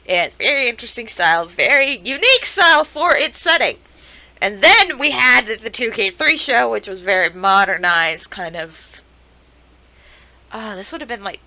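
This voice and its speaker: A young woman streamer giving casual, excitable reaction commentary, swearing and laughing as she talks to the screen. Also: fairly high pitch, dry recording, rough recording.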